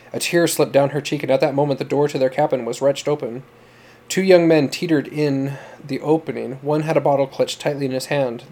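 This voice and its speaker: A man narrating a story in a steady, measured reading for an audiobook podcast. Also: mid-range voice.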